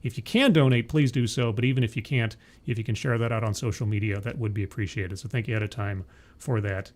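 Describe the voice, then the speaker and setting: A man hosting a live-streamed interview show, chatty and energetic, often correcting himself mid-sentence. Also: on the low side, quick pace.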